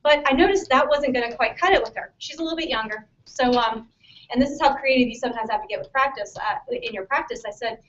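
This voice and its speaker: A woman's voice: fairly high pitch, fast talker, fairly bright tone. A woman chiropractor giving a conversational seminar talk to students, often checking in with a questioning "okay?". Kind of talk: practice-building seminar talk. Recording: distant, muffled mic.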